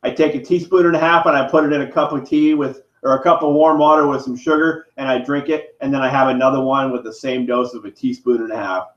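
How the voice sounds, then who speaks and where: A man's voice: medium pitch, steady tone, quick pace, few pauses. A man vlogger in pain, delivering a heated, profane, rambling rant to the camera. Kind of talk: angry direct-to-camera rant. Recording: echoey room, dull lo-fi sound.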